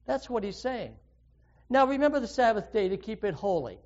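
A man with a high voice preaches a sermon, throwing questions at his listeners and leaning hard into key words. The recording is dull and lo-fi. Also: sing-song, moderate pace, darkish tone. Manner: earnest, questioning, with sudden emphatic rises.

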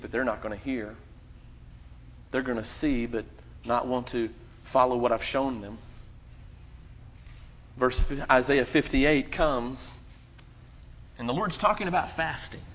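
A man pastor delivering a sermon, preaching emphatically with dramatic pauses and quoting scripture. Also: fairly bright tone. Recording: muffled low-fidelity sound.

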